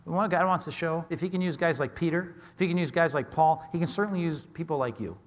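A man's voice: a little high, fast talker, in a large hall. A man preaching a sermon in an easy, conversational way, acting out quoted voices with plain humor. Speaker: pastor.

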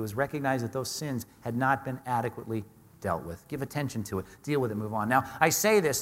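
A man's voice: fairly high pitch, a bit bright, in a large hall. A man preaching a sermon in an easy, conversational way, acting out quoted voices with plain humor. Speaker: pastor.

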